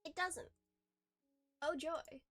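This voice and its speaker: A woman's voice: high voice, steady tone, extremely slow, fairly bright tone, no room sound. A woman streamer chatting casually while she plays, rambling and restarting her sentences with little giggles. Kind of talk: casual live-stream chat while gaming. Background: faint background music.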